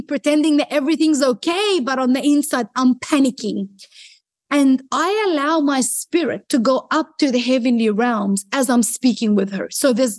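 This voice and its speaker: A woman sharing a faith story in an interview, animated and excitable, acting out both sides of each conversation. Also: dry recording. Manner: excitable, acts out dialogue with rising pitch. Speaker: guest sharing a faith testimony.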